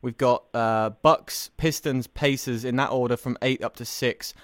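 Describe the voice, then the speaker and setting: A man's voice: medium pitch, fairly even intonation, normal speed, no room sound, studio quality. A man hosting a sports podcast, talking in an upbeat, chatty way. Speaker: podcast host. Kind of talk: casual sports podcast chat.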